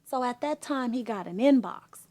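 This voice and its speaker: Her voice slightly high, animated, and warm, a guest in her forties recounts her testimony in an earnest but halting way. Frequent filler-laden pauses break up her speech, and her volume rises whenever she reenacts past conversations.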